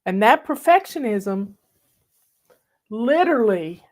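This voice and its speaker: A woman's voice: a little high, big pitch swings, slow pace, a little mellow. A woman, hosting a casual live video chat in a folksy, emotional, drawling manner, teary at times. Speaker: host.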